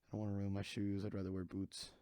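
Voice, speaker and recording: Casting note: male podcast host, low voice, dry close mic, tired and candid. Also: completely flat delivery, fast, mellow, smooth, no room sound. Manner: rambling, candid, jokey. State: sleepy, yawning. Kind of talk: casual solo podcast chat.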